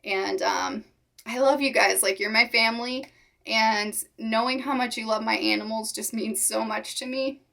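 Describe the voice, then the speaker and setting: A young woman talking to her viewers in a personal vlog, speaking sincerely and haltingly while holding back tears. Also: fairly high pitch, fairly even intonation, vocal fry, bright, forceful tone. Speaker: reptile keeper vlogger. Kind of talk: emotional personal vlog talk.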